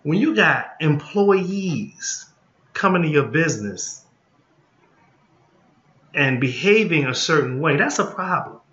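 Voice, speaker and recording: A licensing consultant for group homes gives a casual training talk, blunt and folksy, going over his points again and asking "okay?" to check in. His voice is a little high, animated and slightly bright, moving slowly with frequent pauses. The room sounds echoey and a bit muffled.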